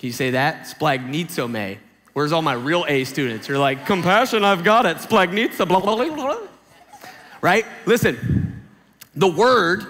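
A man in his thirties preaching to a youth camp in a conversational, animated way, raising his voice for emphasis. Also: medium pitch, in a large hall.

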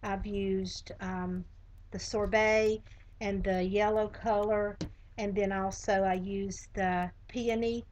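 A woman's voice: mid-range voice, little pitch movement, slow pace, a little mellow, slight background noise, poor audio. A woman with a Southern US accent, chatting casually through a live craft tutorial with many fillers. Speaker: craft demonstrator.

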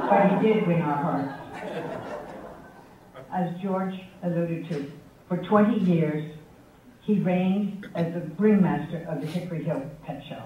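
A man giving a prepared tribute speech at a memorial forum, telling his anecdotes in a measured, wry and affectionate way. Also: a little high, a little hiss or hum. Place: university forum hall with audience. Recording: echoey, thin phone-like sound from far off.

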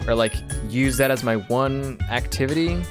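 A man's voice: medium pitch, moderate pace. Chatty man commenting on a game. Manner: chatty, reads game text aloud. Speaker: let's-play host. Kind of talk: casual gameplay commentary. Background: game music.

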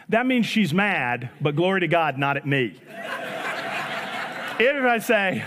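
A man, preaching an animated sermon and acting out little dialogues with repeated phrases. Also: a little high, a little slow, long pauses. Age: 40s. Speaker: pastor. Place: church sanctuary. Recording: church hall with long reverb.

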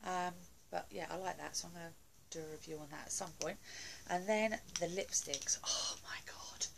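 A woman's voice: fairly low pitch, brisk, creaky, background noise. A woman doing a casual beauty haul video at home, chatty and gushing, with lots of fillers and asides. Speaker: beauty vlogger.

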